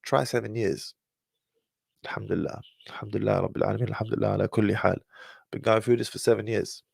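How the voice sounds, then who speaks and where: A man's voice: on the low side, fast talker, gravelly, husky, no echo, studio quality. A man talking casually to his livestream viewers. He sighs often as he talks. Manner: animated, sighing often. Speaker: livestream host.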